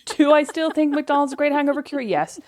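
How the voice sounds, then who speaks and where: A woman's voice: high voice, brisk, darkish tone. Irish female co-host, wry self-deprecating anecdotes, casual. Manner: wry self-mocking storytelling. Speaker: podcast co-host. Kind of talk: casual chat.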